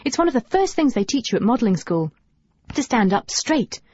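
A woman's voice: fairly high pitch, sing-song, a little fast, a little mellow, breathy edge, no room sound. A woman voicing a confident, bossy teenage girl who speaks in a knowing, instructive way. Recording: dull dry audiobook recording.

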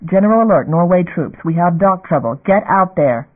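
A man's voice: sits high, expressive, moderate pace. A man reading the part of a tough woman starship captain, giving clipped, urgent orders. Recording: phone-like narrow band.

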